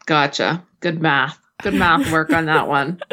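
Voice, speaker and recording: A woman's voice: sits low, a little slow, sharp tone. A young woman co-hosting a podcast in casual chat, joking and trailing off mid-sentence. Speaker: podcast co-host.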